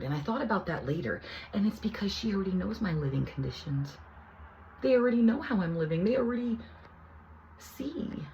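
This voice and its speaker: A woman vlogger telling a personal story in a heated, profane, rambling way. She keeps restarting her sentences and swings between hushed asides and near shouting. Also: extremely low pitch, a little hiss or hum, rough recording. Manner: rambling with many restarts and fillers.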